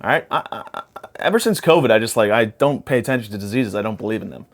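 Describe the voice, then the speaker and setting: His voice is on the low side, expressive and fast. This young podcast host, still spacey from a panic attack, rambles through a profane comedic monologue that keeps jumping between topics.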